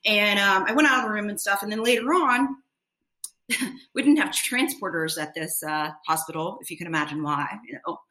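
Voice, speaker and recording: A woman's voice: medium pitch, expressive, moderate pace, bright, forceful tone. A woman in her thirties, a nurse, telling a story in a candid, casual way, full of filler words and casual swearing. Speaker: nurse guest. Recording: echoey room.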